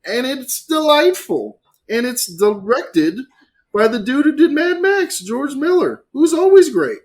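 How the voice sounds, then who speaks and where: A man chatting casually as a podcast guest, animated and swearing freely, with big swings between loud and quiet. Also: very high-pitched, measured pace.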